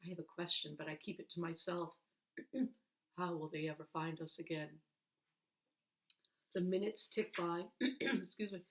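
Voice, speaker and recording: A woman reading a children's book aloud in an expressive, animated way, with dramatic pauses. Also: low-pitched. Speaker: reader. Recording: voice heard from a distance.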